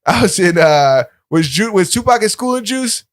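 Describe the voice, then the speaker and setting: A man's voice: high voice, lively intonation, moderate pace, no echo. A young man co-hosting a podcast in casual banter, rambling and laid-back with lots of fillers. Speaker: podcast co-host.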